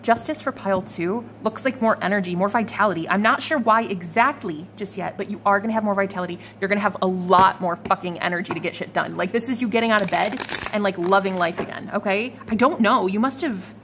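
A woman gives a loose, chatty tarot reading straight to her viewers, swearing freely as she goes. Her voice sits at a middling pitch. A faint hiss of background noise runs under it. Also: fast, a bit bright. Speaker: tarot reader. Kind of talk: casual tarot reading vlog.

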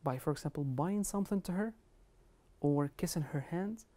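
Woman, religious lecture, emphatic, lowish voice, mellow tone. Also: moderate pace. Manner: earnest, emphatic, quotes Arabic scripture and scholars. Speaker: Islamic lecturer. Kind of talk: religious lecture on kindness to parents.

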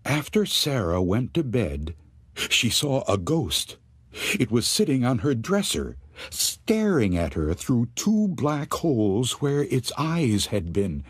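A man narrating scary stories for an audiobook, telling them slowly and with suspense. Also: mid-range voice, husky, no room sound. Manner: slow, suspenseful, expressive telling. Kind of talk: scripted storytelling narration.

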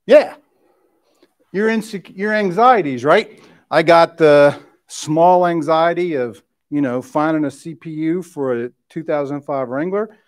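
A middle-aged man from West Tennessee leads a casual Bible class in a church classroom. His voice sits a bit high for a man. He talks informally, keeps checking in with his listeners, and restarts his sentences. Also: measured pace. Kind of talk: conversational Bible study lesson.

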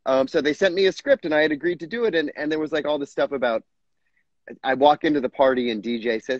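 A man's voice: a little high, fast talker, dry recording, lo-fi sound. A middle-aged man, a guest actor, telling stories in a casual interview with frequent laughs and restarts. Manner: chatty storyteller, laughs often, frequent restarts. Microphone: video call.

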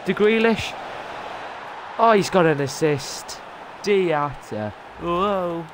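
A young man giving live commentary over his own football video game play, muttering remarks and bursting into loud shouts when something happens. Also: sits high, slow, background noise. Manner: excitable, loud outbursts between muttered remarks. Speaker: gaming streamer.

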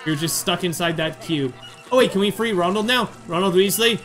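Let's-play host, male, high bright voice, excitable and chatty, game music faint underneath. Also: fairly quick. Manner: chatty, excitable, narrating his own moves. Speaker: gamer doing a playthrough. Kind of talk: casual let's-play commentary.

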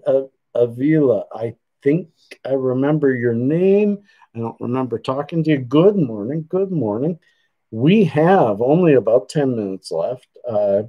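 A man's voice: medium pitch, lo-fi sound. A man hosting a livestream, chatting casually with viewers and reading their comments in a rambling, meandering way. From Canada. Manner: rambling, chatty, trails off mid-sentence. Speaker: livestream host. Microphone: computer desk setup.

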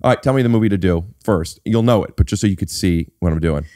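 A podcast host and actor speaks fast in a low, dark voice, recorded on a studio mic with no echo. It's casual podcast chat, and he explains things with playful, mock-serious flair.

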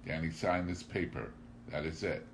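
A man's voice: deep voice, normal speed, background noise. A man voicing a scheming, cruel businessman who sneers and later screams in outrage. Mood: smug, mocking. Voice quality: oily, mocking, then screaming in rage.

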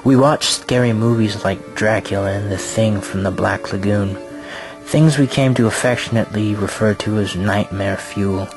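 Male narrator for a spooky audio story, steady delivery, lower voice, clear music bed. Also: normal speed. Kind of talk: scripted narration.

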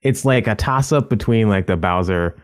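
A man's voice: on the low side, moderate pace. A man in a casual podcast chat, hesitant and searching for words.

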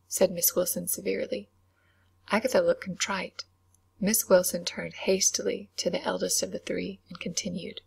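A woman narrating a classic novel in a whispered role-play reading, soft, slow and soothing. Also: fairly low pitch, steady tone, vocal fry, breathy edge.

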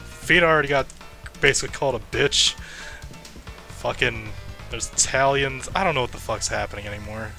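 A man's voice: mid-range voice, gravelly, sharp tone. A man giving casual, profane let's-play commentary with frequent laughs. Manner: swearing, laughing, unhurried. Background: game music.

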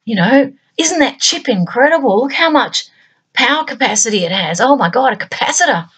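A woman slipping into a giddy young girl who gasps with delight over circuit boards. The voice rides high and bright with eagerness, each exclamation tumbling over the last. A husky, breathy grain stays underneath. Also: animated, brisk, exaggerated voice. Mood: gushing. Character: gushing young girl excited by electronics.

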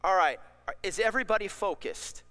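A man preaching a sermon as pastor, animated and acting out worried voices for the congregation. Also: high-pitched, moderate pace. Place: church sanctuary. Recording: long hall reverb.

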